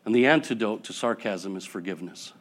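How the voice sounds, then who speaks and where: A man preaching a sermon to his church, building up to loud passionate peaks and then dropping to quiet, soft passages. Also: lowish voice, fairly quick. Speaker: pastor.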